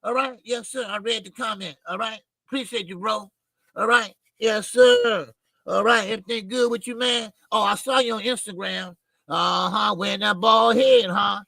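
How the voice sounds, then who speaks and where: A man hosting a livestream boxing show, ranting with profanity and loud outbursts while greeting his chat. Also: high voice, steady tone, moderate pace, vocal fry, no echo. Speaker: boxing channel host.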